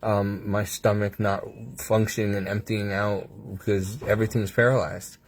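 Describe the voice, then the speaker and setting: Halting, low-voiced man in a hospital room. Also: level tone. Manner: rambling, halting, with restarts and nervous laughs. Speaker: patient sharing his health ordeal. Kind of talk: casual vlog monologue.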